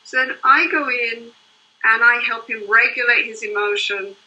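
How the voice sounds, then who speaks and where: A woman's voice: a little high, steady tone, normal speed, sharp tone, muffled recording. An older woman, a couples therapist, explaining her work in earnest, flowing interview answers. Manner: earnest, explains in long flowing runs with "you know" and "right?".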